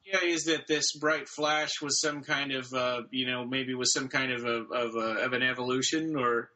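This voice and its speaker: A man with a very bright, forceful voice chats casually on a podcast. He retells a story loosely, leaning on fillers and restarting sentences. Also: mid-range voice, fairly even intonation, normal speed, low-quality recording. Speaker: podcast co-host. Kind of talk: casual chat about books.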